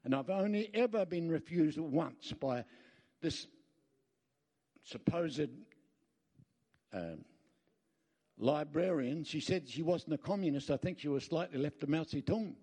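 A man's voice: fairly high pitch, animated, measured pace, long pauses, mellow. An Australian man speaking as a guest at a church, preaching emphatically, telling folksy stories with rambling asides and calling out for amens. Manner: emphatic, calls out for amens from the crowd.

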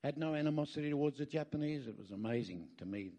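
A man's voice: mid-range voice, fast talker. A middle-aged Australian man preaching a sermon, telling stories with jokes and asides to the congregation. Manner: lively storytelling with jokes and asides. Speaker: pastor.

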